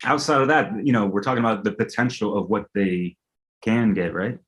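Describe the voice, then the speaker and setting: A man's voice: on the low side, a little fast, breathy edge, rough recording. A man hosting a podcast interview in a casual, hesitant way, often searching for words. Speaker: podcast host.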